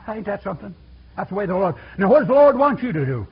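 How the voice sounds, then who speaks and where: A preacher delivers a very animated, fast, folksy sermon, repeating himself and calling out to the congregation in call-and-response style. His high, husky voice rises and falls widely, and the dull, lo-fi sound resembles an old church tape.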